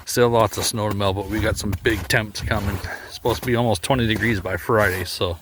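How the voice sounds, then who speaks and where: A man's voice: on the low side, steady tone, brisk, noisy background. A man casually vlogging while walking through snowy bush, rambling with fillers and getting out of breath. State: out of breath in deep snow. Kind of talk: casual outdoor vlog.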